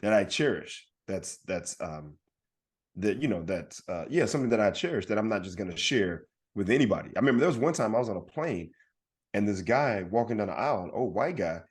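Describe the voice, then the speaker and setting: A man, a comedian co-hosting a podcast, talking in an animated, emphatic way and often checking for agreement. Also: on the low side, a little fast, slightly rough. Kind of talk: casual podcast chat.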